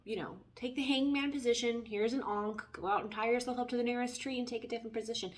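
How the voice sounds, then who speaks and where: A young woman with a fairly high voice talks through a tarot spread in a loose, chatty way. She is playful and animated, jumping between advice and little jokes as she reads the cards. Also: quick pace, slight background noise. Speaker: tarot reader. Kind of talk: casual spoken tarot reading.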